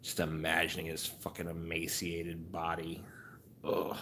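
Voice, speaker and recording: Low bright-toned guy chatting slow and deadpan on stream, cussing a lot. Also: a little hiss or hum. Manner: rambling, profane, deadpan musing. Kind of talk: casual chat.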